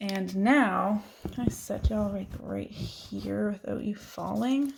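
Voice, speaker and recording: A woman's voice: medium pitch, takes it slowly, vocal fry, a little hiss or hum. Chatty woman beauty vlogger. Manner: chatty, self-deprecating, laughs often. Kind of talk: casual chat.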